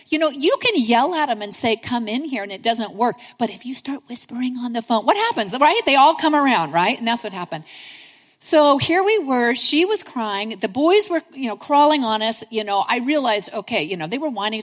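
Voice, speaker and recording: Middle-aged woman preacher, slightly high voice, warm conversational storytelling delivery, heard with hall reverb. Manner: earnest, conversational, addresses listeners as friends. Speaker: speaker giving a sermon. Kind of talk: sermon with personal storytelling.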